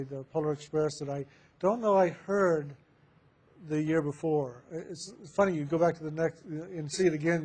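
A man telling a personal spiritual testimony to a group, halting with many fillers and restarts and laughing often. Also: on the high side, a little mellow. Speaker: member sharing with a spiritual group.

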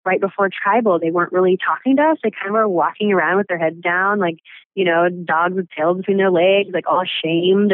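A woman's voice: medium pitch, no room sound. A woman guest on a phone interview, talking bluntly and sarcastically with plenty of exasperation. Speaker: voted-out contestant guest. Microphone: telephone. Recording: tinny phone line.

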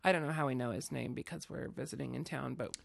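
This podcast co-host is a woman who chats casually while retelling a story, sounding animated and using lots of fillers. She speaks quickly in a rumbling low voice with vocal fry, and there's no echo.

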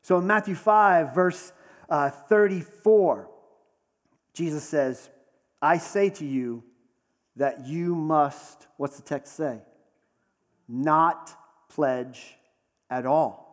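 A man preaching a sermon in a conversational storytelling manner, slowing down for dramatic pauses. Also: a little high, long reverb tail. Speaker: pastor.

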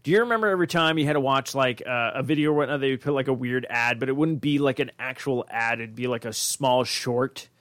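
A young man hosting a casual chat, animated and profane, often acting out quotes. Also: mid-range voice, quick pace, few pauses, no room sound, clean studio sound. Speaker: podcast host.

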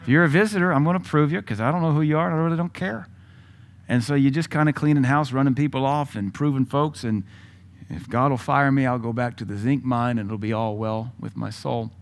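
A man's voice: mid-range voice, a little fast. A middle-aged male pastor preaching a sermon, telling a personal story with laughs and sudden swings in volume.

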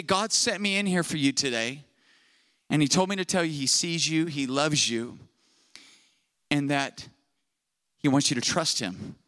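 Bright, lively man preaching a sermon. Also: very high voice, no room sound. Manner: animated storytelling, acting out dialogue. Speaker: pastor.

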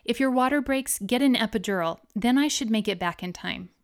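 A woman's voice: on the high side, expressive, a little fast. Woman voicing a caring young husband.

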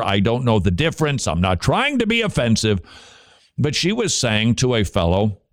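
Sarcastic, animated male talk host. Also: mid-range voice, no echo, studio quality. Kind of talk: opinionated commentary.

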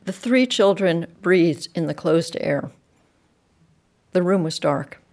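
A woman reading a dark literary story aloud, measured and dropping soft at sentence ends. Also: fairly low pitch, animated. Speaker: narrator. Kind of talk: audiobook reading.

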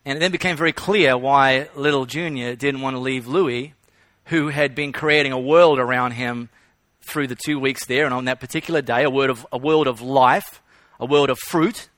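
A man's voice: medium pitch, steady tone, normal speed, a bit bright, no room sound. A man preaching a sermon, telling a story and stressing his key phrases through repetition. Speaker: pastor.

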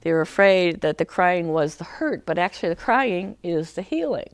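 A woman giving a conversational talk about emotional healing. She speaks with many fillers and restarts, and she sometimes acts out a crying child in a high shout. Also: lively intonation, moderate pace, clean tone. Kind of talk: talk to a small group.

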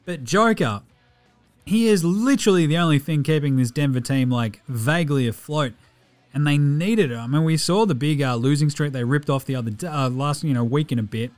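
A man hosts a casual basketball podcast, running fast through stats and swearing freely. His voice sits a touch high, and the recording is dry and close. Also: darkish tone, no room sound, faint music behind. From Australia. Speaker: podcast host. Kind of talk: casual sports recap.

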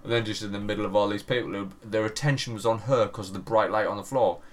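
A man's voice: fairly low pitch, fast talker. A man in his thirties co-hosting a podcast, telling stories in casual chat with lots of swearing and laughter. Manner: animated storyteller, heavy swearing, frequent laughter. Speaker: podcast co-host.

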